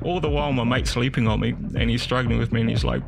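A man with a New Zealand accent tells his own story for a podcast. His voice has a gravelly, fry-laden texture at a middling pitch, and he slips into the voices of the people he quotes. Faint music sits underneath. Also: quick pace, few pauses. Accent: New Zealand English. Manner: lively storyteller acting out quoted dialogue, laughing often. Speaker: podcast guest. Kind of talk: personal storytelling.

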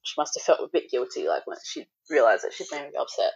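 A woman's voice: rumbling low, very animated, fast, a little mellow, husky, dull audio. A woman being interviewed about the birth of her daughter, speaking candidly with lots of "like" and the odd swear word. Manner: candid, full of "like", swears now and then. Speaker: guest. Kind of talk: recounting a personal birth story.

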